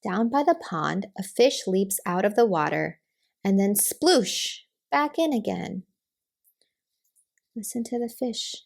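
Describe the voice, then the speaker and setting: Young woman reading a kids picture book, slow and gentle, a bit of gravel in her voice. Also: mid-range voice, lively intonation. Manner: gentle, slow, pointing out pictures and asking questions. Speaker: children's book reader. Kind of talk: storybook reading to toddlers.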